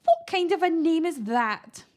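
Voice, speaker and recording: A woman's voice: very high-pitched, animated, measured pace, voice pushed up. A woman voicing a deaf, bossy old grandmother who barks and mishears everything. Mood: shouting. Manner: loud, barking, mishears everything.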